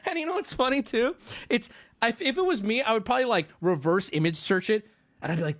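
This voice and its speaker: Animated, high-pitched livestream host man. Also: moderate pace. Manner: rambling, excitable, swears freely, sudden shouts and laughs. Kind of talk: casual stream chat.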